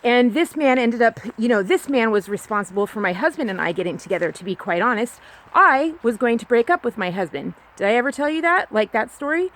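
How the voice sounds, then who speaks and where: A woman's voice: on the high side, expressive, fairly quick, a bit bright. A young woman from California telling a personal story alone, rambling and confiding, with many restarts and fillers. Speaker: podcast host.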